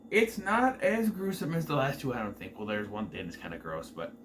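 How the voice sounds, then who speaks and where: A man's voice: mid-range voice, fairly quick, fairly bright tone, a little hiss or hum. A man casually reviewing a horror movie, rambling and offhand, swearing freely as he recaps the plot.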